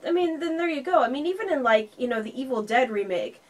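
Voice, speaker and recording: A woman's voice: high voice, animated, fast. A woman co-hosting a casual film review chat, sardonic and acting out the characters' lines as she recaps.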